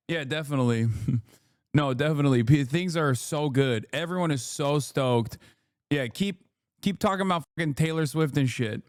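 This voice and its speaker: A man's voice: a little high, moderate pace, smooth, no echo, studio quality. A male streamer giving sarcastic, profane commentary in a casual live-stream style.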